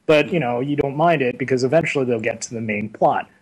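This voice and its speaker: A young man being interviewed, chatting casually and telling stories in a rambling, animated way full of fillers. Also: medium pitch, fast talker, slightly rough, rough recording. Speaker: interview guest. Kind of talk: casual chat.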